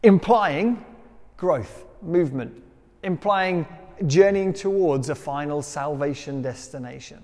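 A man's voice: fairly high pitch, takes it slowly, darkish tone. Man preaching in a reverberant hall. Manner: conversational, self-deprecating storytelling. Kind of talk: sermon.

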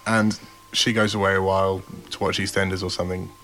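Playful man, low voice. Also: level tone, quick pace, sharp tone, a little hiss or hum, poor audio. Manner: playful, rambling storyteller. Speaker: podcast host. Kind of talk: casual comedic chat.

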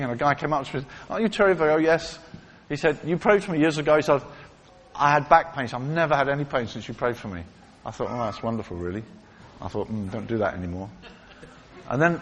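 A man's voice: mid-range voice, fairly bright tone, a little hiss or hum. A man preaching, telling healing stories in a conversational way and acting out the people he quotes. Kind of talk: sermon with testimony stories. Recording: reverberant hall with faint ambience.

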